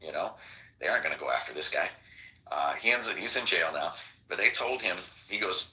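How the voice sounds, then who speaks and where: A man's voice: sits low, animated, brisk, pushed and bright, rough recording. A man on a casual podcast telling a rambling story, acting out the people in it and swearing freely. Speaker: podcast host.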